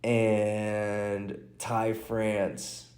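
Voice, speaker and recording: A man in a relaxed solo podcast chat. He talks slowly, wanders from thought to thought, and breaks off sentences with small chuckles. His fairly low, mellow voice rings in a roomy, echoing space. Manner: rambling, restarts sentences, chuckles. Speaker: podcast host and stand-up comic. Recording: roomy echo.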